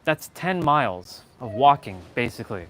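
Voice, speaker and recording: A man's voice: medium pitch, big pitch swings, normal speed, fairly bright tone, slight background noise, low-quality recording. A man hosting a casual motivational livestream on a clip-on mic, talking energetically and repeating himself for emphasis, with casual swearing. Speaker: fitness livestream host. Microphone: small clip-on mic.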